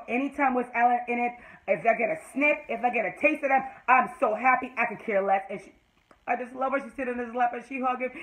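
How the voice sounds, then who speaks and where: A woman giving an excited, casual recap of a TV episode, swearing freely and breaking into loud squeals of delight. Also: fairly high pitch, low-quality recording. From Jamaica. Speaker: TV episode reviewer.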